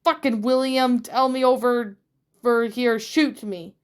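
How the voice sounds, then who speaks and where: A woman's voice: fairly high pitch, steady tone, a little slow, clean tone, lightly acted. A woman reading the lines of a hot-headed young man, snapping and cursing in a fan fiction reading. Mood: angry.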